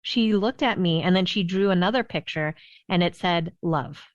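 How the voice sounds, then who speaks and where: A woman pediatrician telling a parenting story in a podcast interview, lively and laughing often, with many "you know" fillers. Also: lowish voice, moderate pace, dry recording. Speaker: behavioral pediatrician guest. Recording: dull, dry lo-fi sound.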